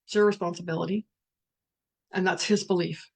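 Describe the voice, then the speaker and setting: This middle-aged workshop facilitator speaks a little fast in a fairly low, steady, husky voice with vocal fry. Her spiritual talk is candid and earnest, with swearing and participants' messages read aloud.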